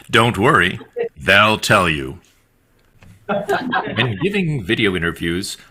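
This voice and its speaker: A man's voice: medium pitch, sharp tone, slightly rough. A man narrating a speaking practice video and explaining the point of each clip. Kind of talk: read-out narration.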